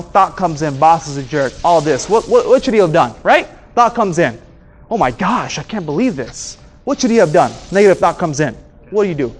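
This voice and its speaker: Speaking to an audience about conflict, a man who works as a speaker and trainer gives an animated motivational talk. He acts out the people in his stories, changing his voice for their dialogue. His voice is high-pitched, with a little hiss or hum in the background.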